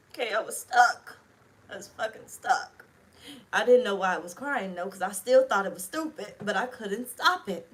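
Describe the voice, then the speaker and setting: Woman tarot reader, bright edgy tone, profane and blunt, chatty delivery to camera. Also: medium pitch, lively intonation, normal speed, poor audio. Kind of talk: casual tarot reading to camera.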